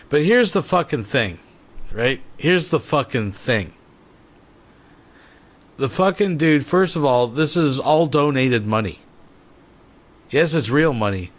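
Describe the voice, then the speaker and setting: A man's voice: medium pitch, fairly bright tone. A man hosting a commentary channel, explaining bluntly and swearing freely.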